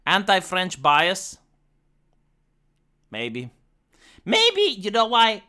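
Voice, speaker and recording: Bright-voiced and animated, this Romanian-accented live streamer answers viewers in casual chat, speaking very slowly in a mid-range voice. The talk is jokey, profane, and rambling, full of fillers and false starts.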